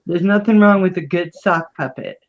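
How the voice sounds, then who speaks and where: A woman co-hosting a casual live stream chat, animated and teasing, often laughing. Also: on the low side, normal speed, a little hiss or hum. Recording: dull lo-fi stream audio.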